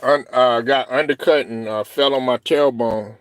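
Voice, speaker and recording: A man's voice: medium pitch, normal speed, no room sound. A man co-hosting a sports talk show, talking casually with lots of fillers and restarts, swearing and acting out other people's lines. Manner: animated, profane, full of fillers and restarts.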